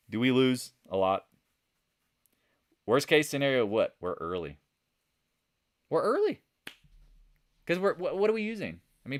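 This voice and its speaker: A man hosting a live stock market chat, coaching viewers with lots of rhetorical questions in an animated, casual way. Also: medium pitch, smooth. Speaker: trading channel host.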